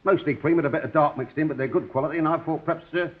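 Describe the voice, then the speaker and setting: An actor doing a shy rag-and-bone man who stammers apologetically. He talks quickly in a mid-range voice. The sound is tinny and narrow, like an old 1960s TV broadcast. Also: a little high, close to an everyday voice. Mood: awkward. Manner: hesitant and stammering, many fillers. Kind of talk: 1960s television sitcom acting.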